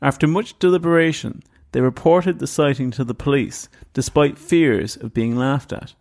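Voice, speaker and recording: A man's voice: mid-range voice, moderate pace, darkish tone. A man co-hosting a paranormal podcast, chatting casually and reading story notes aloud. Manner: reads story notes, easily spooked. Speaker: podcast co-host. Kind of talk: casual chat and read narration.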